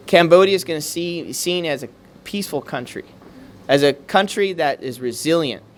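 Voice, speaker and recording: A man speaking to a community gathering, telling a story in an animated way, with laughs and repeated words between lines. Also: a little high, smooth. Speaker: guest speaker at a community meet and greet. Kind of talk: storytelling speech to a crowd. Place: community event hall.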